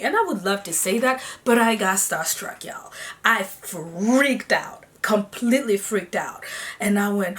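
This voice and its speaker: A young woman from Africa telling a personal story to her vlog viewers, animated and chatty, calling them y'all. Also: mid-range voice, a little slow. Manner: animated, acts out her own squeals and gasps. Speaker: vlogger. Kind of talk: casual storytelling.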